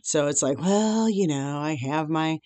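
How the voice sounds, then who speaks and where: Woman, casual faith vlogger, somewhat low voice, dry sound, quick to laugh at herself. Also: expressive, dark tone, no echo. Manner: chatty and self-deprecating, laughing often; reflective, grateful. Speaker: Christian vlogger. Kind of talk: casual daily devotional vlog.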